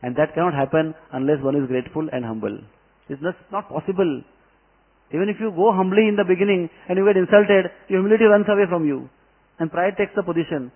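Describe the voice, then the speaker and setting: A man's voice: high-pitched, fast. A man giving a devotional scripture class, telling stories with emphatic delivery. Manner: storytelling, emphatic. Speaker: spiritual teacher. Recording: tinny phone-like line.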